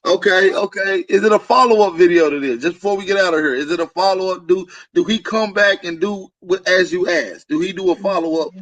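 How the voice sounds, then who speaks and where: A man hosting a live stream, reacting to a video in a casual, slangy and excitable way. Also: high voice, fairly quick, hardly any pauses, no room sound, low-quality recording.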